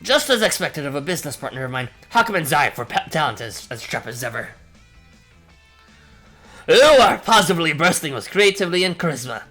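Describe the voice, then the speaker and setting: Man voicing a boisterous, flattering giant bull-man CEO for a game, booming pitch swings, bright tone. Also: fairly quick, faint music behind, exaggerated voice. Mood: hammy.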